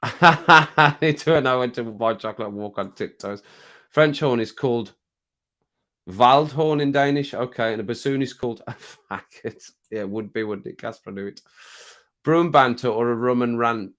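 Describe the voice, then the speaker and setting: A middle-aged Englishman hosts a casual livestream from home, reading out comments, laughing often and baby-talking to his cat. His medium-pitched voice is a bit bright and a little slow.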